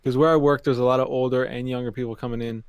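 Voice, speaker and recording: Young canadian dude on a podcast, laid back, smooth voice, no room sound at all. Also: male voice, mid-range voice, fairly even intonation, rapid-fire, dry recording, dull audio. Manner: easygoing, rambling storytelling with restarts. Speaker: podcast co-host. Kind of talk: casual chat.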